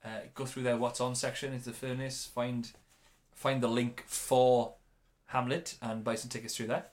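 A man hosting a casual podcast chat, telling stories in a chatty, animated way. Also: medium pitch, moderate pace. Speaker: podcast host.

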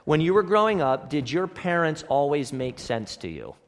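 A man's voice: fairly high pitch, sing-song, normal speed. A man preaching a sermon as pastor, earnest and direct, asking the congregation rhetorical questions. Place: church sanctuary. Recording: long hall reverb.

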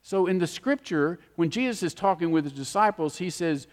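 A man preaching a sermon, animated and storytelling, moving from emphatic to hushed. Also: a little high, moderate pace, few pauses. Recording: long hall reverb.

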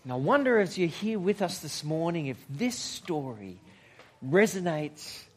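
A man preaching a sermon at a church service, measured and reflective, with dramatic pauses and moments where he drops almost to a whisper. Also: a little high, very animated, husky. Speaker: pastor.

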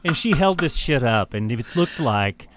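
A male podcast host in loose, casual conversation with a voice of ordinary pitch. He tells his story crudely, swears freely, mocks his subject and keeps laughing along the way. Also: sing-song, unhurried, very noisy. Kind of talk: casual chat.

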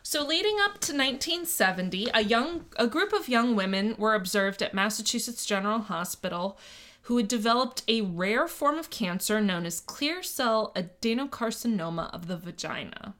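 A woman's voice: a little high, animated, normal speed, fairly bright tone. A woman from the United States co-hosting a podcast, casually explaining a history topic and swearing now and then. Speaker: podcast co-host. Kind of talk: casual chat.

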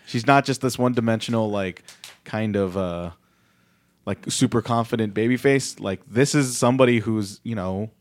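A man's voice: fairly low pitch, normal speed. A man co-hosting a casual chat, thinking aloud with frequent restarts and analysis. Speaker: podcast co-host. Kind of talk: casual wrestling discussion.

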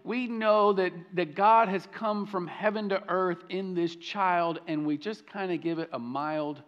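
A man with a high voice preaches to his congregation and drifts into a chatty, story-driven style that often trips and restarts mid-phrase. The recording sounds dull and lo-fi. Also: unhurried. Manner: conversational storytelling, frequent restarts. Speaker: pastor. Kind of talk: sermon.

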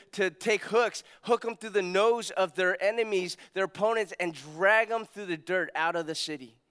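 A man preaching a sermon as pastor, telling stories with energy and dropping to hushed emphasis on key points. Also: sits high, clear, resonant tone. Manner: animated storytelling, acts out quotes, drops to hushed emphasis.

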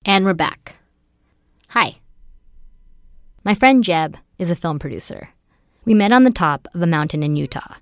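A woman's voice: on the low side, animated, unhurried, long pauses, dry recording. A woman hosting a podcast, narrating from a script with wry, dry humor. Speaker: podcast host.

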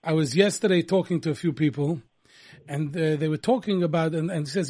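Chatty male radio host, higher pitch. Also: a little fast, mellow. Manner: chatty, many restarts, laughs easily. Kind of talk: casual radio interview chat.

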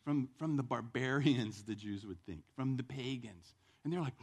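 A male pastor preaching a sermon in church, telling the story with lively acted-out voices. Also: medium pitch, moderate pace, husky.

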